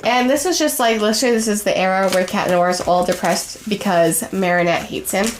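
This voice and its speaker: A woman's voice: mid-range voice, normal speed, a little hiss or hum. A young woman hosting a fandom video, chatting playfully and telling a made-up story, quoting characters in her own voice. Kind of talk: casual storytelling to camera.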